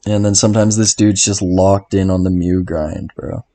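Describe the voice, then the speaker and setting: A drowsy young guy streaming late at night, rambling loosely with plenty of swearing and chuckling to himself. his voice sits a little low, and he sounds tired and half-asleep. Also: little pitch movement, moderate pace, dark tone. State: sleepy and tired. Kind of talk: casual late-night livestream chat.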